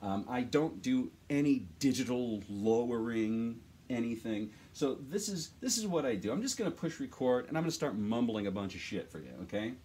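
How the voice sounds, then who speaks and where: A voice actor in casual, chatty tutorial talk, rambling with many fillers, recorded into a condenser mic in a small home studio. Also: male voice, mid-range voice, expressive, normal speed, a little mellow, slightly rough.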